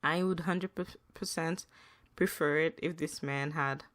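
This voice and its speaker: A woman hosting a solo podcast, venting emphatically and repeating herself, her pitch rising when upset. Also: fairly even intonation, a little slow, fairly bright tone. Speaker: podcast host.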